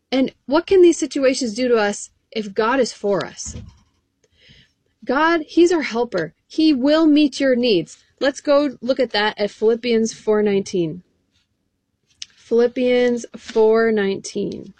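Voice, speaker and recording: A woman's voice: on the high side, takes it slowly, no echo. A woman preaching an encouraging sermon, reading scripture verses aloud in an earnest way.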